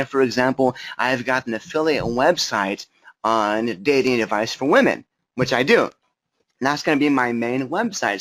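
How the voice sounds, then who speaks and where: A man's voice: mid-range voice, a bit bright. An upbeat, chatty man, coaching a live webinar question-and-answer session over a computer mic, with many fillers. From Southern California.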